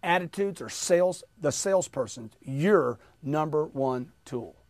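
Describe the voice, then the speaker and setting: An emphatic man leads a motivational sales training, pushing his listeners to repeat upbeat phrases after him. His voice sits a bit high for a man. The sound is dry and close, with no room echo. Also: measured pace. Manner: energetic, emphatic, coaching the audience to repeat.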